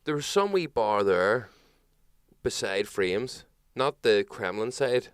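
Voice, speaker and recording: Lively, sweary Northern Irish man. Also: lowish voice, takes it slowly, clear, resonant tone, no echo, clean studio sound. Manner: animated, sweary anecdote-telling. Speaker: podcast host. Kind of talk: casual storytelling chat.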